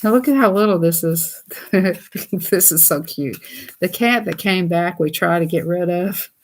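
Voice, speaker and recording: Woman, slow, low-ish voice, giggly read-aloud vlogger who chats to viewers. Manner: chatty, giggly, talks to viewers, reads slowly. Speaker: vlogger reading children's books. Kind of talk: casual read-aloud chat.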